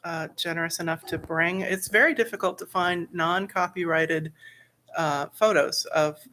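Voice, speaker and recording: Bright-voiced woman moderating a panel. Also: fairly low pitch, normal speed. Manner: friendly, with frequent fillers. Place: hotel ballroom conference session.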